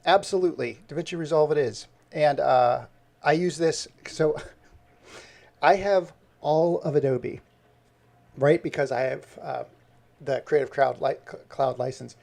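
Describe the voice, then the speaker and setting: A man's voice: fairly high pitch, measured pace, gravelly, a little mellow. A man live-streaming while he edits video, talking to himself as he works and greeting viewers by name in a casual, chatty way.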